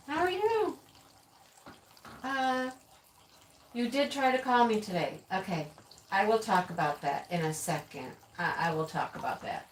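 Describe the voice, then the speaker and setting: A woman's voice: mid-range voice, far from the mic. Woman host, chatty livestream greeter, sits back from the mic in an echoey room with faint hiss. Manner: chatty, laughs often, calls out names. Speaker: live stream craft host. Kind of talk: casual live chat greeting viewers.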